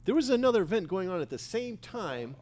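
A man's voice: high voice, sing-song, brisk, a little mellow. A man hosting a casual chat, enthusiastic and jumping in often.

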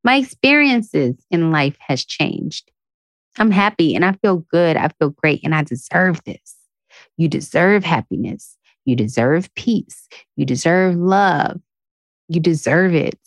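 A woman's voice: sits low, lively intonation, unhurried, dry recording. Earnest woman giving motivational talk. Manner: earnest, emotional, affirming, addresses listener as girl and sis. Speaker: podcast host. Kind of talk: motivational self-help talk.

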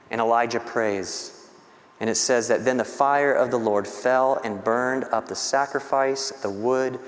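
A man pastor giving a sermon, retelling scripture stories with animated, conversational delivery. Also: mid-range voice. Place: church sanctuary. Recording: long hall reverb.

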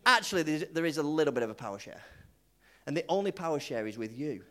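A male pastor delivers a sermon in a loose, conversational style, repeating himself, restarting often, and leading the congregation in call-and-response. His voice sits a little high and sounds animated and a bit bright, moving at a quick pace.

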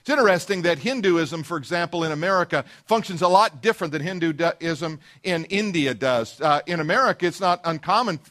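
A man's voice: on the high side, animated, brisk, few pauses, fairly bright tone. A man preaching a sermon as pastor, telling folksy stories with frequent fillers and restarts.

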